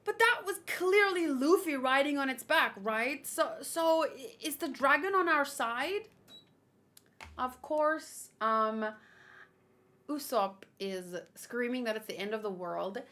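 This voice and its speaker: A woman with a high voice talks slowly through a manga chapter as a read-along host. Her commentary is casual and playful, slipping into sarcastic asides. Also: expressive, pushed and bright.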